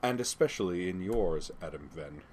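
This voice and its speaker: A man's voice: low-pitched, lively intonation, moderate pace, a little mellow, slight background noise. A man reading the lines of a cold, imperious alien male enforcer who growls his threats.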